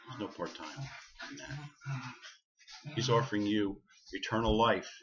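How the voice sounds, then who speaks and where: A man's voice: fairly low pitch, takes it slowly, highs cut off. A man preaching casually to the camera in a vlog, earnest and repeating himself for emphasis. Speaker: vlogger.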